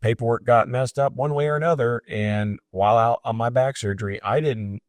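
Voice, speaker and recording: A man's voice: mid-range voice, a little fast, no room sound. A man co-hosting a faith podcast in casual, reflective chat, with many fillers. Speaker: podcast co-host.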